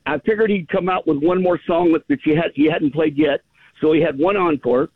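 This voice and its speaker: A man's voice: a little high, a little fast, dry recording. A middle-aged man with a slight Southern accent, calling in to a radio show and telling a rambling, enthusiastic story. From California, US. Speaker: caller. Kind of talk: phone-in chat. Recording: tinny phone line.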